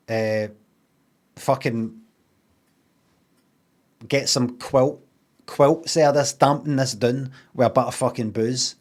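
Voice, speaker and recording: A Glaswegian man casually telling a rambling, sweary story, acting out what people said in changed voices. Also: medium pitch. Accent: Glaswegian Scottish. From Scotland.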